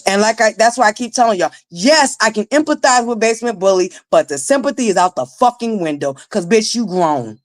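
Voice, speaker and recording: A woman in her forties with a naturally raspy voice, hosting a casual live-stream commentary, blunt and profane, talking straight to her viewers. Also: medium pitch, lively intonation, a little fast, few pauses. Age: 40s. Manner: blunt, profane, emphatic, addresses viewers directly. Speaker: livestream commentary host.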